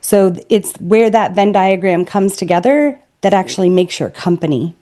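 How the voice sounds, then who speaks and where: A woman's voice: mid-range voice, expressive, moderate pace, dark tone. A woman sales trainer speaking as a podcast guest, blunt and emphatic. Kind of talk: podcast interview.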